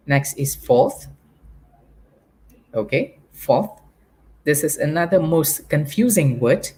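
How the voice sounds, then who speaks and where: A man with a Malaysian English accent teaching an online English class, talking to viewers with a lively, teacherly delivery. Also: mid-range voice, slightly rough. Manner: animated, exaggerates intonation to teach.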